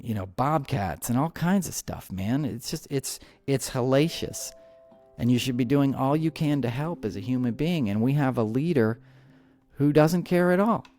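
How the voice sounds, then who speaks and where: A man's voice: medium pitch, vocal fry, darkish tone, dry recording. A man hosting a podcast, ranting heatedly about politics with many restarts and repeated words. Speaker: podcast host. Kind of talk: angry political commentary.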